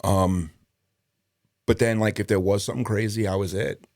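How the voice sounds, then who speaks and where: Deep gravelly-voiced man telling stories. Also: fairly even intonation, moderate pace, a little mellow, dry recording, clean studio sound. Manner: profane, rambling storyteller who acts out others' lines. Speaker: retired police detective, guest. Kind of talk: casual storytelling interview.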